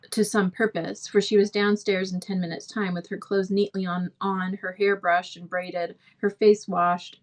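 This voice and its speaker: A woman reads a classic novel aloud at a medium pitch, in an easy and unforced way. She stops now and then to chat with her viewers in casual asides, and she sometimes stumbles and restarts a word. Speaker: book reader.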